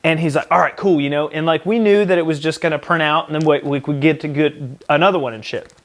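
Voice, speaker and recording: A young man casually telling a profane, animated anecdote. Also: fairly high pitch, fast talker. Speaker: storyteller. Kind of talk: casual storytelling.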